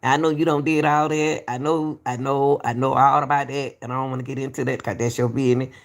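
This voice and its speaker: Woman, gravelly voice, reaction commentary, repeats herself, says baby. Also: extremely low pitch, level tone, brisk. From Atlanta, US. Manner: repetitive, emphatic, calls people baby. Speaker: YouTube commentator.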